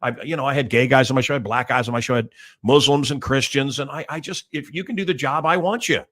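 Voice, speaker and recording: A middle-aged American man hosting a talk show, ranting loudly and crudely in a rambling, blustery way. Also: mid-range voice, fast talker. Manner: loud, blustery and crude, with mocking put-on voices. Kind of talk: rambling political rant.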